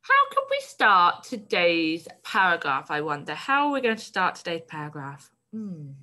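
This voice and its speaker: A woman's voice: fairly low pitch, wildly swooping pitch, moderate pace, bright, forceful tone. A woman primary school teacher giving a recorded online lesson, reading a story aloud and encouragingly explaining its word choices.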